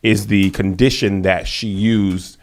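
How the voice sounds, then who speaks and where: A man's voice: fairly low pitch, level tone, slow pace. A man co-hosting a podcast in casual chat, talking things through carefully with frequent restarts. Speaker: podcast co-host.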